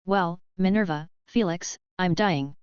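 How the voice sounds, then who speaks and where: A woman voicing an elderly male headmaster wizard, speaking calmly, politely and in a measured way. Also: on the low side, clear, resonant tone, dry recording, dull audio, close to an everyday voice. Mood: calm, gentle.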